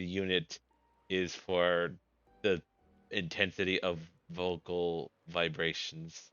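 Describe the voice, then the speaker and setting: A man chatting casually over his game, rambling and second-guessing himself as he goes. His voice is low and smooth. The sound is dry but slightly dull, with game music behind. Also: sharp tone, no echo. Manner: rambling, stumbling, self-questioning. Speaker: let's play host.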